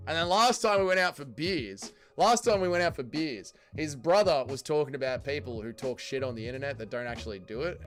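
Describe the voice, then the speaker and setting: A man's voice: fairly high pitch, lively intonation, a little fast, hardly any pauses, fairly bright tone, faint music behind. A man with an Australian accent hosting a livestream, answering chat comments in sweary, joking banter. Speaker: livestream host reading chat.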